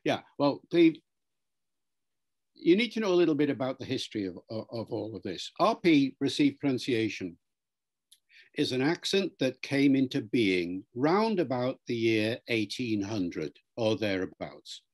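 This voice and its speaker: A man explains things in an unhurried, lecturing manner, like a patient expert taking a question. His voice sits at an ordinary pitch for a man, neither high nor low. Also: sing-song, darkish tone. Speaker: interviewed language expert. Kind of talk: explanatory interview answer.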